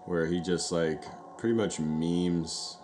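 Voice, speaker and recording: A man's voice: deep voice, takes it slowly, slight background noise. A man co-hosting a podcast, rambling and swearing casually as he talks. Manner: rambling, profane, animated retelling. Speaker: podcast co-host. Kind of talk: casual chat.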